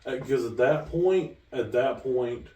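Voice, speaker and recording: A man's voice: medium pitch, expressive, takes it slowly, mellow. A man co-hosting a podcast, chatting casually with dry, wry reactions. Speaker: podcast co-host. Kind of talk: casual chat. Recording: roomy echo, mic far off, faint room noise.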